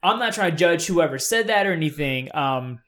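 A young man co-hosting a podcast in casual chat, with soft R sounds, laughing often and rambling. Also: fairly high pitch, lively intonation, normal speed. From South Carolina. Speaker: co-host.

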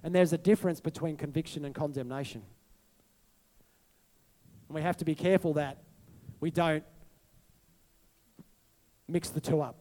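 A male pastor preaching to his congregation, moving from soft, hushed reflection to a rising, passionate appeal. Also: fairly high pitch, steady tone, normal speed, long pauses. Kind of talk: sermon over worship music.

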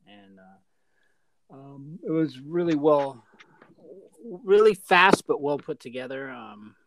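A man's voice: on the high side, slow pace, rough recording. A man co-hosting a podcast, telling stories in a casual chat and acting out the quotes. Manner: animated storyteller, acts out quotes. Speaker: podcast co-host.

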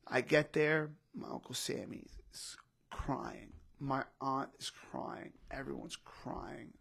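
A man's voice: mid-range voice, fairly even intonation, unhurried, vocal fry, fairly bright tone, slightly rough. A young man telling an emotional personal story in casual podcast chat, often saying "bro" and "literally". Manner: repeats himself, says "bro" and "literally" often. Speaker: podcast guest, comedian.

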